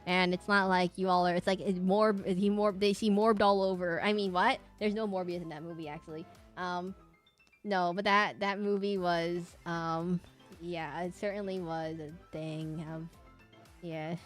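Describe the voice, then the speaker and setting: A woman's voice: lowish voice, fairly even intonation, moderate pace, soft background music. A woman streamer chatting casually with her live audience, rambling with lots of fillers and restarts.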